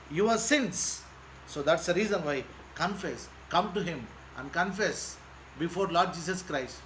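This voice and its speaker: A man's voice: high-pitched, fairly bright tone, a little hiss or hum, low-quality recording. A male pastor preaching a sermon, repeating phrases in an earnest, pleading way.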